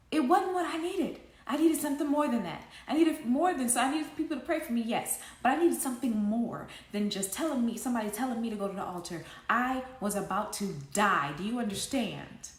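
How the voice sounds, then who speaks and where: A woman's voice: fairly high pitch, a little fast, few pauses, reverberant. Passionate woman in her forties preaching. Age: 40s. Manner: passionate, preacherly, swings from loud emphasis to soft, laughs often. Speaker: host of an online faith talk. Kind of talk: livestream preaching talk.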